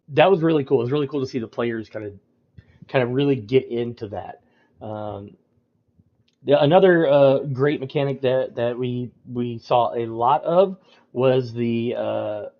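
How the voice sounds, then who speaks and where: A man's voice: medium pitch, muffled recording. A man on a livestream explaining tabletop game rules in a casual, rambling way, with lots of ums and restarts. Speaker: storyteller explaining game mechanics.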